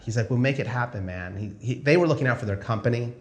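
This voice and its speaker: A male film director telling a story casually, acting out the conversations he quotes. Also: medium pitch. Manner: animated, acts out dialogue in quick quoted exchanges.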